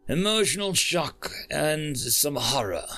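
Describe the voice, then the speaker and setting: Formal, literal alien woman, read by a man, pitched high, earnest and precise. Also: lively intonation, takes it slowly, sharp tone, faint music behind, heavily acted. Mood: unsettled. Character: formal, precise female alien crew member.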